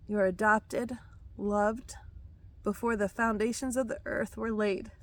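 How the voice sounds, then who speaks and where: A hoarse woman reading prophetic messages aloud in a slow, solemn, measured way. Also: fairly high pitch. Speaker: prophetic devotional speaker.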